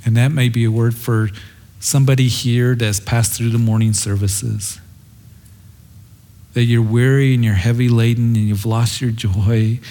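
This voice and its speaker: A man's voice: mid-range voice, little pitch movement, unhurried, dark tone. A middle-aged man preaching a sermon as a pastor, earnest and reflective, quoting scripture in a tender way.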